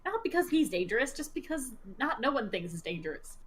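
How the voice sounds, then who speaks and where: A woman player in a tabletop game, speaking in a chatty, lively manner with frequent laughter. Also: a little high, fairly quick, a little hiss or hum. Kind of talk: tabletop role-play, in character.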